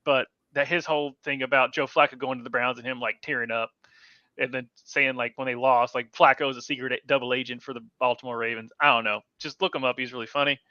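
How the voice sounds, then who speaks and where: A man's voice: mid-range voice, fairly even intonation, quick pace, pushed and bright, dry recording. A man co-hosting a fantasy football podcast, chatting casually, rambling and correcting himself as his voice trails off. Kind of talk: casual sports chat. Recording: dull, dry lo-fi mic.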